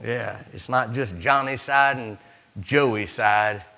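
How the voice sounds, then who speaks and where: A man preaching a sermon as pastor, animated, with sudden swings between loud emphasis and hushed asides. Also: medium pitch, takes it slowly, creaky.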